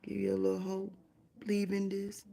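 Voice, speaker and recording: A woman's voice: mid-range voice, completely flat delivery, fairly quick, gravelly, dark tone. A young woman ranting bluntly and profanely on a casual livestream, firing off rhetorical questions while doing her hair.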